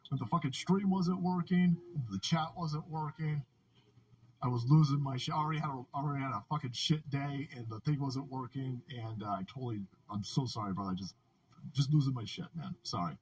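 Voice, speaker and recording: A man's voice: medium pitch, fairly quick, a little mellow, slight background noise, poor audio. A man hosting a political livestream, ranting in a casual, profane way and often laughing. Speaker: livestream host. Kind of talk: casual political commentary stream.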